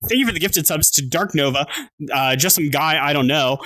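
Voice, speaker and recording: A man's voice: fairly high pitch, fairly quick, bright, forceful tone, no echo. A man from Southern Pennsylvania chatting casually on a livestream at home. He restarts his sentences, swears casually and thanks his viewers.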